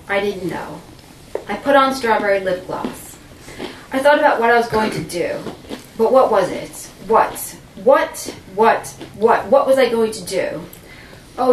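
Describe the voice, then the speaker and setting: A woman telling a dramatic first-person story, theatrical and swinging between breathless and hushed. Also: medium pitch, slight background noise. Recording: roomy, distant mic with faint ambience.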